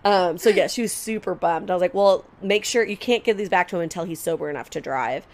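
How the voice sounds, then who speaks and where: A woman's voice: on the low side, quick pace. A young adult woman co-hosting a podcast, telling a long story in casual chat, acting out quotes and swearing freely. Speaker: podcast co-host.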